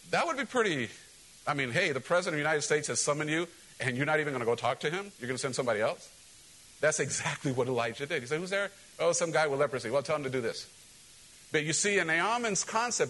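A pastor preaching a sermon to his church, animated and direct, acting out quoted voices and calling questions to the congregation. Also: a little high, poor audio.

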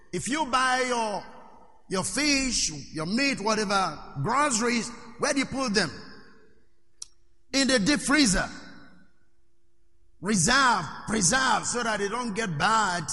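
Male preacher, sermon, high voice, call-and-response questions, long hall reverb. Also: pushed and bright.

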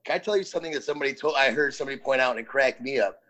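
A man's voice: medium pitch, rapid-fire, a bit bright, rough recording. A man co-hosting casual sports radio, jokey, provocative and rambling. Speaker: sports talk co-host.

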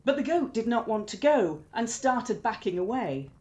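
A woman storyteller narrating a myth in an expressive, lilting way. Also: fairly high pitch, moderate pace.

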